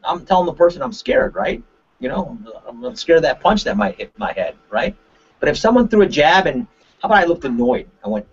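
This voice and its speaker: A man, a martial arts instructor, giving a webinar talk with lively examples and frequent "right?" tag questions. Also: a little high, slightly rough. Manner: animated, acts out examples with shifting voices. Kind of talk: webinar presentation. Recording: dull lo-fi webinar audio.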